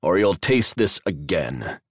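A man's voice: sits low, big pitch swings, takes it slowly, husky, no echo, studio quality, heavily acted. A male narrator voicing a bloated, sneering alien slaver who gloats and barks orders. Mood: barking.

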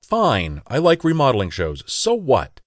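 A man's voice: fairly low pitch, big pitch swings, fairly quick, no room sound. A man voicing a self-conscious young gay man who answers a friend in dry, defensive retorts.

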